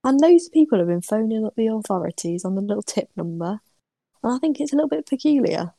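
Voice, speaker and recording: A woman's voice: mid-range voice, lively intonation, quick pace, creaky, dark tone, no room sound. An English woman co-hosting a podcast, chatting casually and teasing her co-host. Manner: laughs along, teasing. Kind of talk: casual comedic chat.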